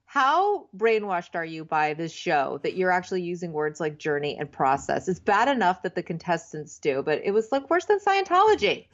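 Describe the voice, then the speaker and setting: A woman's voice: on the low side, big pitch swings, normal speed, hardly any pauses, highs cut off. A woman co-hosting a casual chat, wry and rambling. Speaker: podcast co-host.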